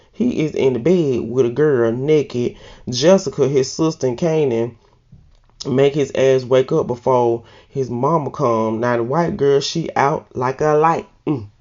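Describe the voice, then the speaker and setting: A woman's voice: extremely low pitch, measured pace, dark tone, lo-fi sound. A woman casually recapping a TV episode in a loose, slangy way and laughing at herself. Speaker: TV recap host.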